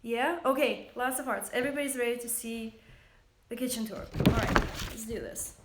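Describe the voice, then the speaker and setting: A woman with a Russian accent chats on a livestream in a soft, earnest way, her voice sitting a little high. She talks into her phone camera, and the home kitchen around her gives the sound a roomy echo. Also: moderate pace, a little hiss or hum. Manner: soft-spoken, earnest and chatty. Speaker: livestream host. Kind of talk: casual livestream chat.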